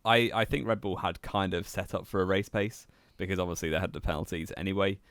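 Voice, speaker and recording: Young man, low voice, dry teasing co-host, dead-dry close recording. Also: fairly even intonation, quick pace, a bit bright, no room sound. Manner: dry, teasing, laughs often. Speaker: podcast co-host. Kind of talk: casual chat.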